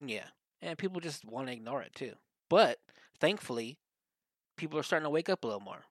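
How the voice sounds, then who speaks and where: A man, co-hosting a casual podcast chat, rambling and profane, getting animated when he quotes others. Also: a little high, fairly quick, dry recording. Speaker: podcast co-host.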